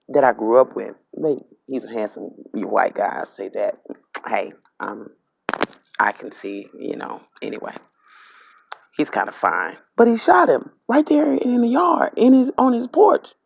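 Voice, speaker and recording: Low gravelly Southern woman telling a story. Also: no echo. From Mississippi. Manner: animated, dialect-heavy retelling of a dream. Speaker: spiritual vlogger. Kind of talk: casual storytelling.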